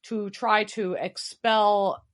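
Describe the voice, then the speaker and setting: A woman co-hosting a podcast in casual chat, recapping and quickly acting out characters' lines. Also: medium pitch. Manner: acts out characters' lines in quick, animated quotes. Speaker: podcast co-host.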